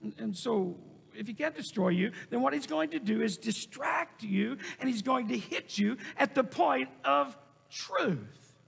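A high-voiced man preaches a sermon, his tone gravelly and husky. He hammers his points with repetition and bursts into shouts. His voice rings with the long reverb of a church hall. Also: lively intonation, a little slow. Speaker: pastor. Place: church sanctuary.

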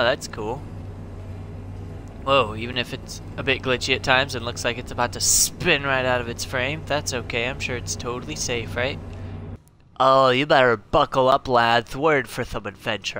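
A man giving excitable, joking commentary on his own gameplay, often exclaiming at what he sees. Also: medium pitch, slight background noise. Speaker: gaming channel host. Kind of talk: let's play commentary.

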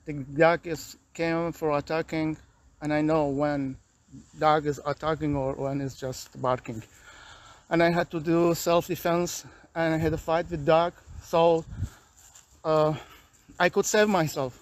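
Weary, agitated man with a high voice. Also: fairly even intonation, a little hiss or hum. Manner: agitated, weary, halting non-native English. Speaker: vlogger. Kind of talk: personal video complaint. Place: outdoors in a park.

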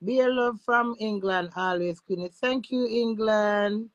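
A woman's voice: medium pitch, a little slow, no echo, muffled recording. A Jamaican woman who is a social media influencer, chatting brashly and profanely in patois with her live-stream viewers. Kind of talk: casual live-stream chat.

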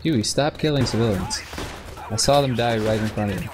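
A man's voice: lowish voice, brisk. A man bantering and complaining playfully during a casual let's play. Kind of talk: casual gaming commentary.

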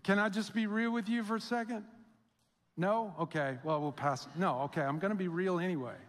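High-voiced pastor preaching in a reverberant hall. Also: male voice, fairly quick. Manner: conversational storytelling, acts out quoted voices. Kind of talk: sermon. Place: church sanctuary.

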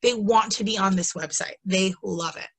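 A woman's voice: medium pitch, moderate pace. A woman teacher presenting a webinar in a casual, chatty and enthusiastic way, with frequent ums and asides. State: has the hiccups. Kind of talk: casual instructional webinar talk.

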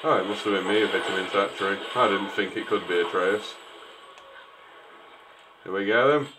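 A deep-voiced man at normal speed offers casual, jokey let's-play commentary as he plays, bantering with the characters. Background noise can be heard throughout.

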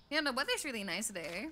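A woman's voice: on the high side, background noise. A woman streaming a game, chatting casually with her chat, swearing often and breaking into squealing laughs.

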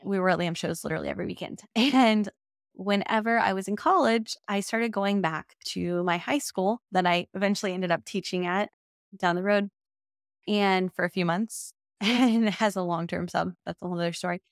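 A woman's voice: mid-range voice, moderate pace, no room sound, clean studio sound. A young adult woman hosting a solo podcast as a business coach, talking in a casual, heartfelt and emotional way and often saying y'all.

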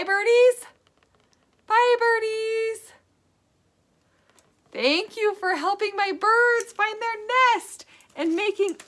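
A woman teaching an interactive preschool lesson and reading aloud, animated, gasping with excitement and asking the children questions. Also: very high-pitched.

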